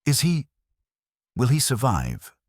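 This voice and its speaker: Deep guy doing a german countess, older and posh, pitched up high and theatrical, husky. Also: wildly swooping pitch, slow, no room sound, studio quality, heavily acted. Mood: distressed. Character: elegant older aristocratic countess, woman, feigning distress.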